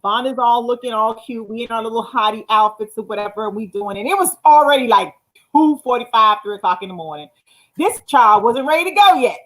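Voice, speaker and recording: A woman's voice: fairly high pitch, brisk, rough recording. A woman hosting a live show, chatting casually and acting out quotes as she tells stories. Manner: animated storytelling, acts out quotes. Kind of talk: casual chat.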